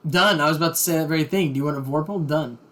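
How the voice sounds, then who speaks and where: A man running a tabletop game as game master, brisk and laughing, calling his players sir. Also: fairly high pitch, fairly bright tone.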